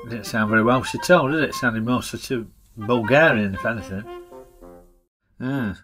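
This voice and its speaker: A man's voice: medium pitch, normal speed, fairly bright tone, faint music behind. A man reviewing a film in a chatty, jokey way, using broad dialect. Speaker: film reviewer, channel host.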